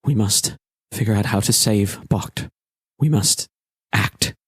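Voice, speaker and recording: Man doing a grave merciful woman leader, solemn and measured, deep voice, dry sound. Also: a bit bright, husky, no echo, full character voice.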